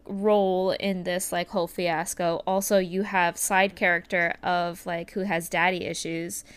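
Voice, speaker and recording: A woman's voice: fairly low pitch, flat delivery, unhurried, clear, resonant tone. A woman co-hosting a casual podcast chat, talking in a rambling, hesitant way with many fillers. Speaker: podcast co-host reviewing an anime film.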